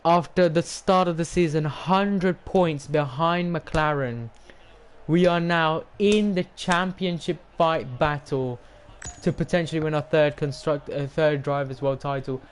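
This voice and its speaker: Brief: young male streamer, rambling and excitable, faint background hiss. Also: fairly high pitch, a little slow. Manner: excitable, rambling, talks to chat. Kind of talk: live game stream commentary.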